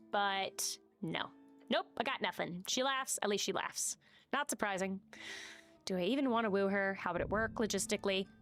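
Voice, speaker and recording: Animated, swearing woman streamer. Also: fairly high pitch. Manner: animated, swearing, reads game text aloud. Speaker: game streamer. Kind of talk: casual live-stream commentary.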